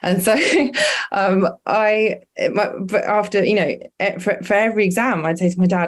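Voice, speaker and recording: A woman's voice: mid-range voice, moderate pace. A woman on a webinar panel, speaking reflectively and telling a personal story with frequent restarts over a video call. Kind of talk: conversational panel discussion.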